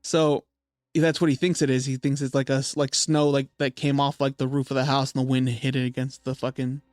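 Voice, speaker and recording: A young man loosely retells a creepy story on a podcast, piling on fillers and casual swearing. His voice is smooth and clear, recorded close and dry with faint music underneath. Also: mid-range voice, flat delivery, brisk, dry recording. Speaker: podcast host.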